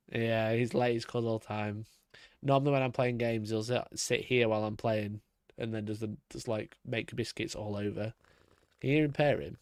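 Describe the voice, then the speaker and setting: A man's voice: on the low side, fairly even intonation, normal speed, dry recording, clean studio sound. A young man chatting casually on a live stream, swearing freely, laughing often and talking to his cat between comments.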